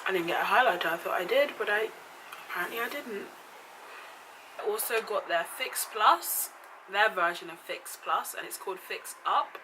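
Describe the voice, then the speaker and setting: A woman beauty vlogger chatting casually through a makeup tutorial, gushing and excitable with frequent exclamations. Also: medium pitch, normal speed, background noise.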